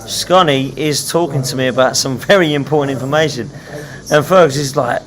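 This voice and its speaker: A man's voice: mid-range voice, moderate pace. A man co-hosting a casual chat, telling stories animatedly and quoting others. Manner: animated storyteller, quoting people. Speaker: podcast co-host. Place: hotel lobby.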